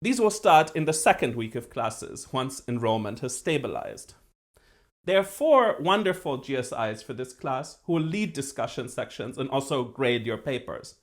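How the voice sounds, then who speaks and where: A man giving a university philosophy lecture as the professor, precise and lively, with dry self-deprecating humor. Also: mid-range voice, normal speed. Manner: acts out voices when telling a joke.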